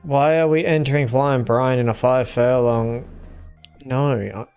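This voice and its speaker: A young man streaming a game and chatting casually with viewers in a relaxed, easygoing way. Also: mid-range voice, a little slow, clean tone, faint music behind. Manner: relaxed, chatty, answers chat with small laughs. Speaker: gaming streamer.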